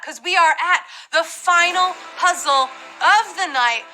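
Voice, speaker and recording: A woman's voice: very high-pitched, a little slow, bright, forceful tone, poor audio. A woman hosting a live game show, bubbly, jokey and playful.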